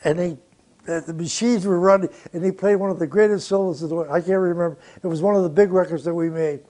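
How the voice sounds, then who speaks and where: Older man, high-voiced, bluntly storytelling. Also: fast. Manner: animated anecdotal, blunt and profane, with chuckles. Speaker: record producer. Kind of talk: interview storytelling.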